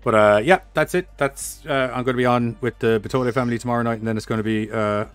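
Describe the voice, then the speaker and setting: A man's voice: mid-range voice, steady tone, fast talker, smooth, no echo. A man hosting a horror podcast, chatting loosely and swearing freely, with some music playing faintly behind him. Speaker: podcast host. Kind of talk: casual horror podcast chat.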